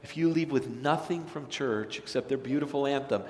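A man preaching a sermon as pastor, animated, swinging from loud, energetic lines to hushed ones. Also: mid-range voice, normal speed, slight background noise. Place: church sanctuary. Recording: long reverb of a church sanctuary.

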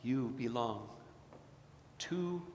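A man's voice: medium pitch, animated, drawn-out words, darkish tone. Earnest male pastor in an echoing church. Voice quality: earnest, tender preaching. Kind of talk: sermon. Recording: echoey church hall, faint noise.

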